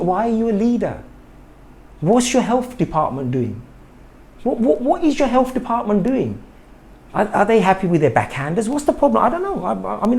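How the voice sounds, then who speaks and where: A middle-aged health vlogger with a gravelly, slightly mellow voice rants indignantly to camera. His pitch swings widely as he fires off rhetorical questions and repeats points for emphasis, all loose and unscripted like a vlog.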